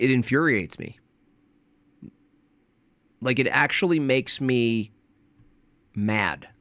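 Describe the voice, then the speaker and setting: A man's voice: mid-range voice, dry recording. Irritated man ranting into a dry mic. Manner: irritated, mocking, mimics soft voices. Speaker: commentator. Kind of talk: heated livestream commentary.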